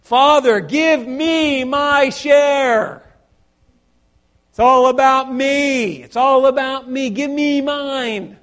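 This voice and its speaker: A man acting out a young man who has hit bottom and is begging his father, speaking haltingly and repeating himself. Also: high voice, animated. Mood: demanding. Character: repentant young man, broke and humbled. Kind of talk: acted quote in a sermon.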